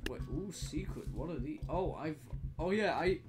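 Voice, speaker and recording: A young man giving excitable, casual commentary while playing a video game, often laughing and swearing. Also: on the high side, normal speed. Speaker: gaming commentator. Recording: music playing behind.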